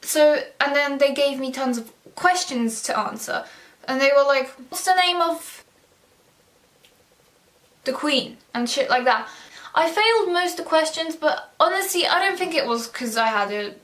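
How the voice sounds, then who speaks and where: A woman's voice: moderate pace, fairly bright tone. A teenage girl telling a personal story in a casual vlog, full of "like" fillers, swearing and self-mocking jokes. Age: teens. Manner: acts out quoted voices with pitch jumps. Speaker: vlogger.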